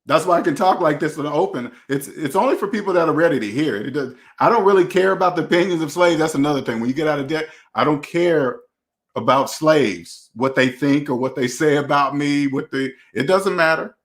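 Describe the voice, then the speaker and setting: A finance channel host, male, gives a brisk, casual monologue in a fairly high-pitched voice. He's blunt, leans on loose street slang, and preaches to the viewer, driving his points home by repeating the same phrases over and over.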